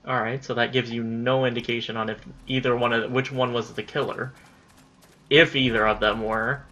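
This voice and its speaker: A man giving casual let's-play commentary during a boss fight, excitable, swearing and yelling at enemies. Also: medium pitch, moderate pace. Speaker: gamer playing through a boss fight.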